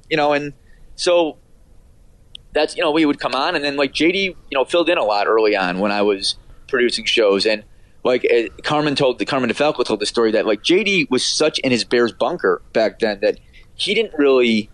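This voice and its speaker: A man's voice: mid-range voice, animated, fairly quick, dry recording. Rambling middle-aged man telling stories. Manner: rambling, filler-heavy, acts out quoted voices. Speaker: interview guest, radio producer. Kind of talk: casual storytelling interview.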